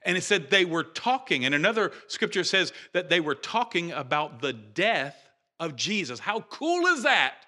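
A male pastor preaching with a bright, forceful voice. He talks in a loose, conversational way, backing up to rephrase, and pushes higher and louder when something excites him. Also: moderate pace. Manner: animated, conversational preaching with restarts and rising emphasis. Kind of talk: sermon.

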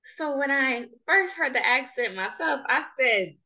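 A young woman from Jamaica co-hosts a casual podcast chat. Her voice is bright and ringing, and her pitch swings widely as she talks. She is animated and often laughs mid-sentence. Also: measured pace. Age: young adult. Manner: animated, laughs while talking. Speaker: podcast co-host.

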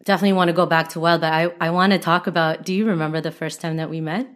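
Woman from Canada, podcast host, lowish voice, chatty and quick to laugh. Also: fairly even intonation. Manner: chatty, laughs often, storytelling. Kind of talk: conversational interview.

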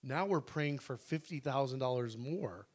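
A middle-aged man telling a testimony in a conversational sermon. He is animated, acts out the dialogue, and often restarts his sentences. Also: mid-range voice, moderate pace, slightly rough.

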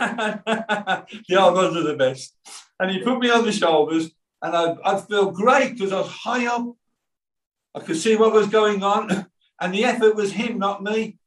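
Older male pastor with a Birmingham accent, lively storytelling sermon, voice a touch high, heard from a distance in a roomy hall. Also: unhurried. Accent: Birmingham English. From England. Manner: animated storytelling with quoted voices and asides. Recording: echoey room from far off.

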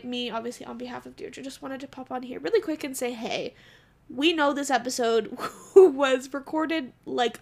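Young woman, high voice, bubbly casual podcast chat, from Alberta, laughs a lot. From Alberta, Canada. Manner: bubbly, chatty, laughs often. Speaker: podcast co-host.

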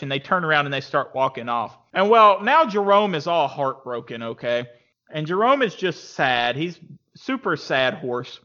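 A man telling a crude comic story in an animated, casual way, in a dull lo-fi recording. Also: a little high, moderate pace.

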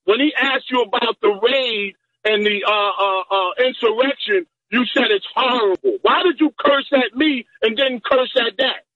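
Sex: man. Role: call-in caller. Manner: persistent, stammering. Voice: very high. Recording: dull, lo-fi phone line. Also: moderate pace, few pauses, no room sound. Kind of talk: call-in argument.

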